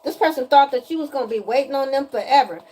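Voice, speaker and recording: Woman doing a spiritual reading, loud and emphatic, high-ish voice, repeats herself a lot. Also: fast. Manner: animated, breaks into singing, emphatic and preachy; casual slang, repeats lines for emphasis. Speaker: spiritual energy reader. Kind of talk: casual tarot-style reading to viewers.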